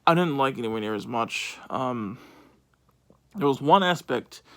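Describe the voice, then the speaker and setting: Gravelly man rambling about movies. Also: mid-range voice, expressive, unhurried, fairly bright tone. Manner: rambling, many fillers and restarts. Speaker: movie reviewer. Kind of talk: casual vlog review.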